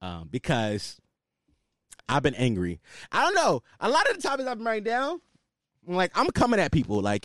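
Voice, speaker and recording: A man's voice: high voice, huge pitch swings, moderate pace, long pauses, a bit bright, no room sound, clean studio sound. A man hosting his own podcast, ranting in a loose, slangy, casual way. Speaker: podcast host. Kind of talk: casual solo podcast rant.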